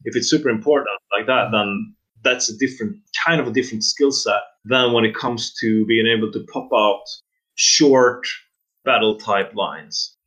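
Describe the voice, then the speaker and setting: A man guest on a casual podcast, talking in a rambling, halting way with many restarts. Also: fairly low pitch, fairly bright tone, lo-fi sound. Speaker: game sound designer guest.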